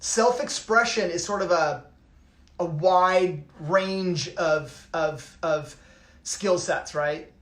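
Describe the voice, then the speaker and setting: A man's voice: high-pitched, takes it slowly, fairly bright tone, roomy sound. A middle-aged man from Canada, a yoga teacher, talking casually and reflectively, rambling and repeating his phrases with many restarts.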